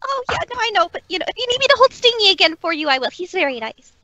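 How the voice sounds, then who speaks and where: A woman's voice: very high voice, big pitch swings, very fast, sharp tone, no room sound. A woman playing a tabletop game, chatting in a giggly, playful way. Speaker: player. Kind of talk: casual tabletop play.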